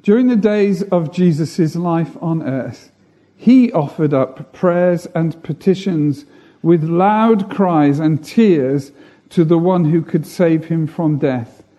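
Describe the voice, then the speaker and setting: A man's voice: a little high, takes it slowly, mellow. A man preaching a sermon, earnest, building emphasis through repeated phrases.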